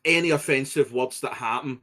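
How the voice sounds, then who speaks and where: A man's voice: medium pitch, a little fast, pushed and bright. A Scottish man co-hosting a podcast, chatting casually, swearing freely and restarting his sentences as he laughs along. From Scotland. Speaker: podcast co-host. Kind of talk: casual chat.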